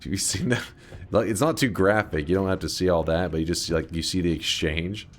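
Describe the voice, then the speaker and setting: A man streaming a game, telling stories in casual, profane chat and yelling excitedly at the action. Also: sits low, brisk, a little hiss or hum. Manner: profane, chatty storyteller who breaks into loud excited yells at the game. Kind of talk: casual gaming commentary.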